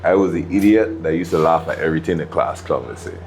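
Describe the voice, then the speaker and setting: A very low-pitched man with a Virgin Islands accent tells stories in a relaxed interview. He talks in an easy, unhurried way and keeps tagging his lines with quick check-ins to the listener. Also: slight background noise. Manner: laid-back, tags lines with "you check?", laughs often. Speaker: DJ and music producer. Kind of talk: casual interview storytelling.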